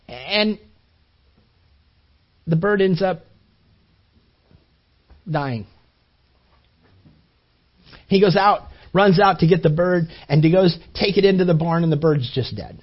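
A man's voice: on the high side, takes it slowly, long pauses. A man preaching a sermon, telling a story in an earnest way and repeating words as he builds. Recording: dull lo-fi recording.

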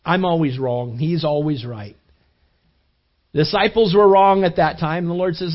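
Male pastor, high voice, lively storytelling sermon, dull lo-fi recording. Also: unhurried. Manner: animated storytelling, acting out quoted voices, repeated restarts.

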